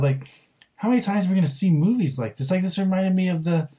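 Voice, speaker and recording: A man's voice: a little high, expressive, normal speed, warm tone. Blunt, exasperated male podcast film reviewer, casual and sweary. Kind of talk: casual chat.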